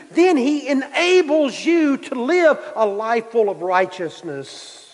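A man's voice: extremely high pitch, long reverb tail, low-quality recording. A man preaching a sermon, repeating his key points for emphasis and building in intensity. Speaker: pastor.

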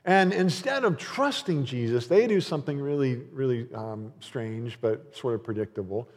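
Pastor preaching in a reverberant hall. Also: male voice, mid-range voice, lively intonation, moderate pace. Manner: earnest, conversational with frequent fillers and restarts. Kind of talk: sermon. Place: church. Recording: long reverb of a church hall.

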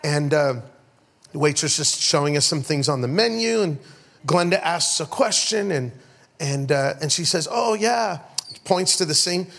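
In his church sanctuary, a middle-aged pastor tells funny stories during his sermon and calls out to the congregation for responses. His voice runs on the high side, a bit bright and expressive, at a normal speed.

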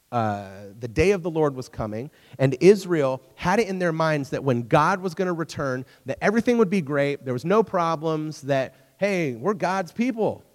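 Casual preacher in a reverberant hall. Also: male voice, a little high. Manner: conversational, acts out characters in the story. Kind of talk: casual sermon with storytelling.

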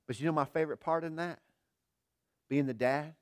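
A middle-aged man preaching a sermon as pastor, earnest, firing rhetorical questions and swinging between quiet and emphatic delivery. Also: on the high side, moderate pace, no echo, clean studio sound.

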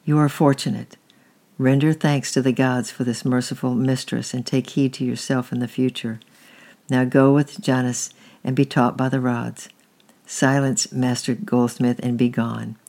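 A storyteller voicing a stern, weary Roman master of a household, speaking gravely and evenly. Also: mid-range voice, little pitch movement, normal speed, darkish tone, lightly acted.

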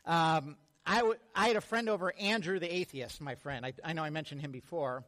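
A man's voice: a little high, a little fast. A man preaching a sermon as a pastor, telling stories and acting out the people in them. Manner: animated storytelling, acts out quotes.

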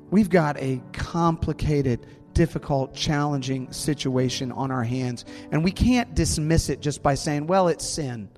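A man preaching a sermon as pastor, earnest and slowing down to stress key words, in a church sanctuary. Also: fairly high pitch, a little mellow. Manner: earnest, slows down for emphasis. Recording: long hall reverb, faint music.

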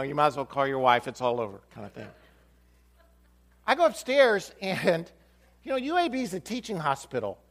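A man preaches to his congregation, telling a story and acting out every voice in it. His voice sits a little high and leaps up and down in pitch as he speaks. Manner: animated, acts out dialogue with shifting voices. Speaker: pastor. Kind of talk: storytelling sermon.

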